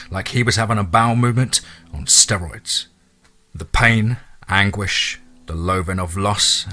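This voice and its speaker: A man narrating a monster horror story in a steady, dramatic reading. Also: fairly low pitch.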